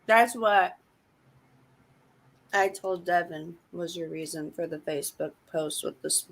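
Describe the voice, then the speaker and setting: A woman's voice: on the low side, measured pace, creaky, rough recording. A woman chatting casually about a film in an offhand way. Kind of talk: casual movie review chat.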